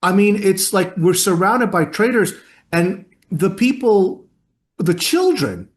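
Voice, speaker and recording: A man's voice: high-pitched, very animated, takes it slowly. A male radio host speaking indignantly and listing things off one after another. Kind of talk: radio talk show conversation.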